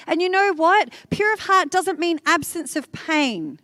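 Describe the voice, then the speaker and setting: A woman giving an animated, conversational devotional talk, speaking directly to her listeners. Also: high voice, unhurried, hardly any pauses, dry recording.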